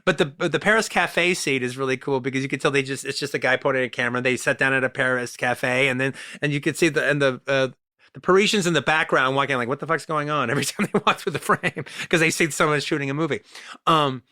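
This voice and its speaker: He speaks fast in a medium-pitched, sharp-toned voice while co-hosting a podcast about old movies. The casual film discussion is rambling and enthusiastic, with lots of restarts. The sound is clean studio audio without echo.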